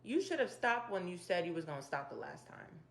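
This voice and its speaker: A woman hosting a casual Bible chapter breakdown, retelling the story in her own slangy words with animated, opinionated asides. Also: on the low side, brisk, noisy background. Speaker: Bible study video host.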